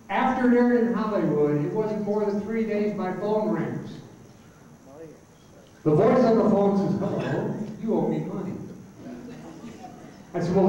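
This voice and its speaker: An older man tells a story to a crowd with animated announcer flair. His voice is high but mellow. The recording is roomy and distant, with a dull tone. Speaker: award speaker and radio announcer. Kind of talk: storytelling speech to an audience. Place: large hall at an award event. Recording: echoey hall, far from the mic, dull sound.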